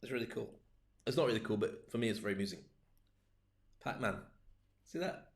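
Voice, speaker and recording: A man's voice: fairly low pitch, expressive, rapid-fire, slight background noise. A man coaching on public speaking in a livestreamed talk, full of joking, rambling asides.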